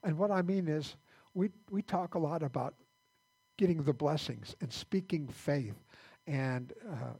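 A male pastor giving a conversational sermon in a church, halting and repeating words as he restarts his sentences. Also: a little high, warm tone, slightly rough.

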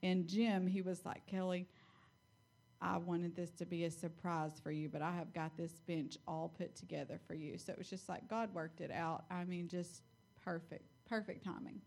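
A woman sharing a personal testimony in church. She tells it in a chatty, quick way, her voice sitting slightly low for a woman. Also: level tone, creaky, a little mellow. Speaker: church member telling a story.

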